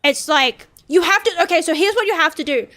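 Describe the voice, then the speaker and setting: High-voiced rambling woman streamer. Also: lively intonation, a little fast, sharp tone. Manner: rambling, profane, self-mocking. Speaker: VTuber streamer. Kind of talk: casual stream chat.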